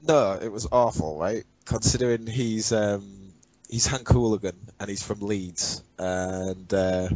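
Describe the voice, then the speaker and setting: A man's voice: fairly low pitch, steady tone, measured pace, a little mellow, no echo, muffled recording. A man with a northern English accent, a podcast guest talking casually and bluntly, swearing freely. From England. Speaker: podcast guest, former commissioner.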